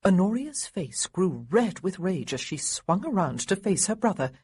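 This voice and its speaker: Woman audiobook narrator, husky, lively and wry, dry studio sound. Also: lowish voice, moderate pace, no room sound. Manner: expressive, wry storytelling. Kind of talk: scripted narration.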